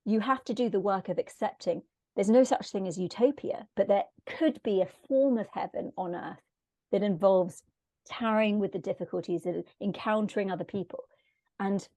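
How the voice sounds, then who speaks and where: A woman in a podcast conversation, talking in a reflective, philosophical and measured way. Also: mid-range voice, warm tone, no echo.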